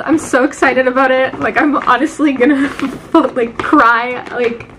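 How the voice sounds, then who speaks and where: A young woman chatting casually in a book vlog, excitable and full of fillers. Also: high-pitched, unhurried, slight background noise. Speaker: book vlogger.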